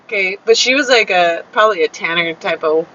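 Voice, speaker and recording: Brisk, pushed, and bright, a young Chicana woman at medium pitch tells a story while chatting casually on a live stream, using lots of fillers and quoted dialogue. The recording has a slightly dull lo-fi quality and faint background noise.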